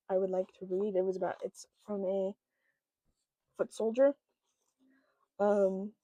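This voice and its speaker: A woman talking through a book in a casual vlog, emotional and halting, with many fillers, close to her own microphone. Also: medium pitch, warm tone, no echo, poor audio. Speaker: book vlogger.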